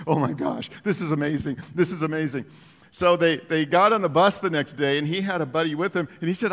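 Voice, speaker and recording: Animated male preacher in a reverberant hall. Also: a little high. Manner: animated, acts out quotes, laughs often. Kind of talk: sermon storytelling.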